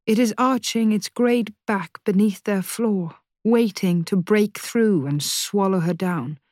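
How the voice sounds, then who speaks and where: A woman reading a novel aloud in a measured, even narration. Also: mid-range voice, no room sound, studio quality. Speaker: audiobook narrator. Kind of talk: scripted narration.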